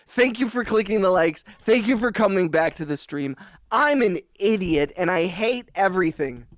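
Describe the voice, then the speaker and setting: A man's voice: high voice, lively intonation, unhurried, dry recording, clean studio sound. Man venting on his livestream. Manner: frustrated ranting, heavy swearing, self-mocking. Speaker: livestreaming music producer. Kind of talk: casual livestream chat to viewers. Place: home music studio. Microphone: close broadcast microphone.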